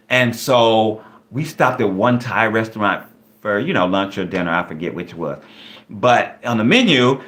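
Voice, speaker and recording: A man's voice: lowish voice, fairly bright tone. A man hosting a live online Q&A, chatting casually and rambling with many fillers. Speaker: live stream host.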